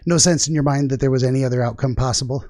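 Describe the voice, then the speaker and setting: Calm probing male interviewer. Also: mid-range voice, racing, dry recording, studio quality. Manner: calm, probing follow-up questions. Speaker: dream interpreter host. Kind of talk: interview questioning.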